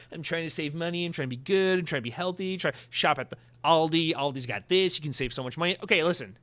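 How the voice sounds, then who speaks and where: A man's voice: fairly high pitch, fairly bright tone, no room sound. A young adult man hosting a solo podcast, rambling in a jokey, self-mocking way. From United States. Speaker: podcast host.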